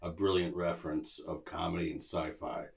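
A man's voice: low-pitched, level tone, normal speed, vocal fry. A man hosting a casual podcast chat, telling stories animatedly with laughs and casual swearing. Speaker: podcast host.

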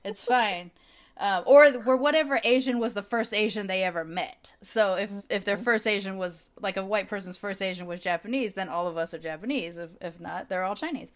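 A woman from the United States, a podcast guest, telling stories in a casual, animated way and laughing often. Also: mid-range voice, fairly quick, few pauses. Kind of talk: casual conversational interview.

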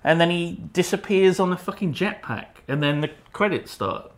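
A man talking as a joking co-host in casual chat. His pitch jumps around a lot. He swears freely and banters. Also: expressive. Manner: joking, profane, quick to laugh.

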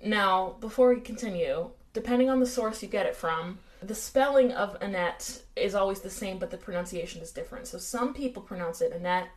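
American woman podcasting true crime, chatty, dry little jokes, middle pitch. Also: animated, fairly quick, few pauses. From United States. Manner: chatty, dry sarcastic asides. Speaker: podcast co-host. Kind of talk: casual true-crime chat.

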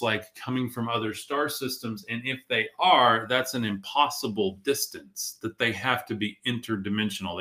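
A man's mid-range voice comes across pushed and bright as he hosts a casual livestream from a tablet. He's a podcast host rambling and reading viewer comments from the live chat aloud, and a whole day of talking has left his voice worn and slipping away.

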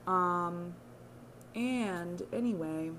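Against a noisy background, a young woman from the United States hosts her podcast alone, speaking in a rambling, profane, self-mocking and candid way. Her voice is on the low side, and she draws out her words.

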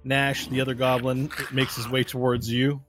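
A man's voice: medium pitch, level tone, normal speed, a bit bright, soft background music. A man running a tabletop game as game master, narrating the action vividly and throwing in playful sound effects.

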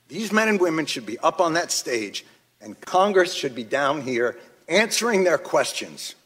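A man's voice: fairly high pitch, a bit bright, husky. A man giving angry, emphatic testimony at a hearing in a large chamber. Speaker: witness testifying at a congressional hearing. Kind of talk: impassioned prepared testimony. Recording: long reverb of a large hearing room.

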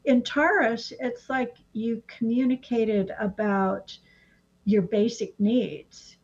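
A woman who teaches astrology, chatting in an animated way and often acting out little quotes. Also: on the high side, slow pace. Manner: animated, slips into acted-out quotes. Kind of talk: casual conversation. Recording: dull lo-fi sound.

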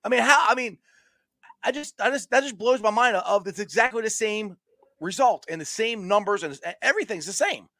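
A man with a high, bright voice talks excitedly in casual conversation, and his pitch swings widely. The recording sounds dry and close to the mic. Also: brisk, no room sound. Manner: excitable, enthusiastic, laughs often. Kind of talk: casual chat.

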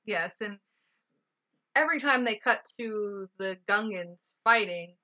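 A woman's voice: medium pitch, a little slow. Sarcastic woman, lo-fi recording. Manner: sarcastic, animated, swears freely. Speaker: podcast co-host. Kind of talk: casual movie recap chat.

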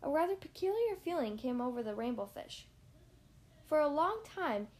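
A woman hosting a podcast, reading a children's picture book aloud with a lively, expressive delivery. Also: high-pitched. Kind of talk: storybook read-aloud.

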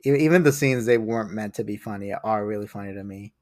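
Podcast guest, male, lower voice, rambly and animated, recorded dry and close. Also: fast, dry recording. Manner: rambling, animated, lots of restarts and fillers. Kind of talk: casual podcast chat.

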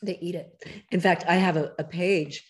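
A woman author as a podcast guest, talking casually but emphatically, lecturing in quick bursts, her voice rough in the morning. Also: lowish voice, steady tone. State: morning voice, throat clearing.

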